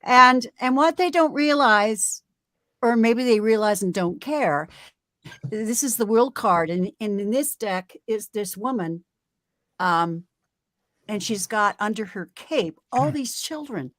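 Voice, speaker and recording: A woman's voice: fairly high pitch, animated, takes it slowly, fairly bright tone, no echo, studio quality. A woman from Canada, chatting casually on a video call as a tarot reader, emphatic, with many fillers and restarts. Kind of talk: casual group chat, tarot reading.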